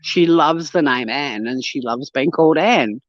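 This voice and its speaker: An Australian woman vlogs while walking outdoors, speaking at a measured pace in a low voice as she tells animated, blunt, sweary stories. The recording is dry and muffled.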